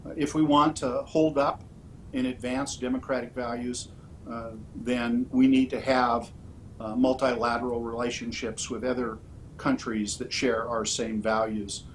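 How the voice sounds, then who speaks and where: A man speaking as a political candidate in an interview, his voice sitting at an ordinary middle pitch. He lays out his answers in a measured, orderly way. Light background noise and a faint rumble run under his speech. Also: little pitch movement, low-quality recording. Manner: measured, orderly, with frequent "uh" fillers.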